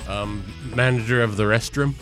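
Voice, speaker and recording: A man's voice: on the low side, normal speed, fairly bright tone, soft background music. A man who is a vice president at an IT company, a guest on a radio show, talking affably and poking fun at himself. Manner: affable, self-deprecating, with frequent restarts. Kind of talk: casual radio interview.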